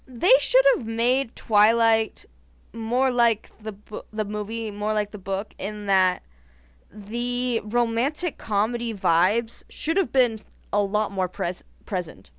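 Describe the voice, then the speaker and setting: A woman chatting in a casual vlog, animated and talkative, filling her speech with "like" and laughing at her own opinions. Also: mid-range voice, takes it slowly, clean tone, no echo. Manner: chatty and animated, heavy use of "like". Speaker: vlogger.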